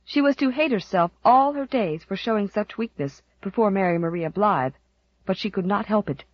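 A woman narrating an audiobook with expressive, dramatic storytelling. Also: mid-range voice, normal speed, no room sound, lo-fi sound. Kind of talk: scripted narration.

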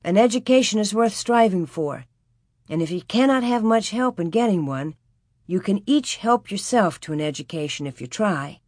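A woman voicing an earnest, kind young schoolteacher giving gentle encouragement to her pupils. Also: mid-range voice, expressive, moderate pace, no room sound, studio quality, lightly acted. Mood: encouraging.

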